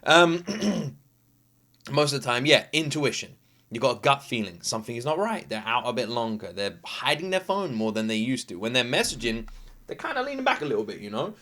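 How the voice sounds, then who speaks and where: A young British man from the UK, chatting excitedly as a reaction video host, quick to laugh and full of fillers. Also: medium pitch. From United Kingdom. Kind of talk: casual reaction commentary.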